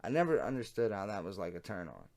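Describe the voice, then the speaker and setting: A man's voice: fairly low pitch, sing-song, fast, a little mellow. Blunt, sardonic male commentator. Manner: blunt, sardonic, swears freely. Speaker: online commentator. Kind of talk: casual commentary reading chat logs.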